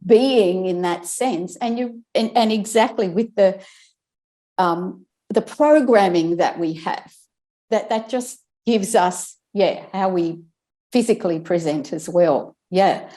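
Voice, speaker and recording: Woman guest explaining breath control, mellow warm voice, lots of restarts, demos as she talks. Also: medium pitch, slow pace. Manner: explanatory, demonstrates breathing and stress, with many restarts. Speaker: guest, speech and accent coach. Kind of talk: conversational interview.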